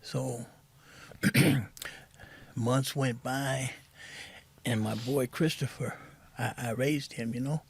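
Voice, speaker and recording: A middle-aged man telling his recovery story as a podcast guest, soft-spoken and halting, saying "man" often. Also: medium pitch, steady tone, creaky, slightly rough.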